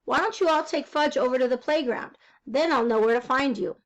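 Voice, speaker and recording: An anxious, caring mother who frets over her little boy, voiced by a woman reading aloud. Her voice is light and high, and she pleads gently whenever she asks for help. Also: brisk, muffled recording, natural voice. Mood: fretful.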